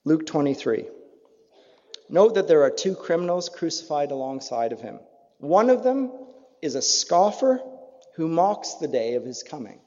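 A man's voice: very animated, normal speed, warm tone. Earnest male preacher in a reverberant hall. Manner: earnest, rising to emphatic peaks then dropping low. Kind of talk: sermon. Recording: dull lo-fi sound in a reverberant hall.

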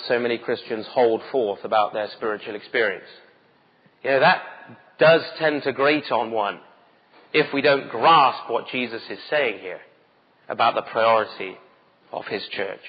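A man's voice: medium pitch, breathy edge, big-room sound, dull audio. A man preaching a sermon with urgency and emphatic rhetorical questions. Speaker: pastor.

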